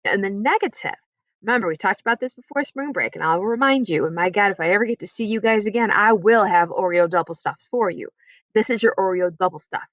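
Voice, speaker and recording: A woman's voice: medium pitch, fast, fairly bright tone, no room sound. A woman teaching an online French lesson, patient and encouraging as she breaks each point into small steps. Her voice is dry and close, with nothing around it, and the recording sounds dull and lo-fi. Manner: patient, encouraging, explains step by step.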